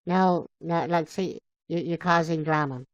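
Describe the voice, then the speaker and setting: Low, gravelly woman chatting on a lo-fi stream. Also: no room sound. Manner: rambling, halting, answers viewer comments by name. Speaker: livestream host. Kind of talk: casual live-stream chat with viewers. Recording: dull lo-fi dry sound.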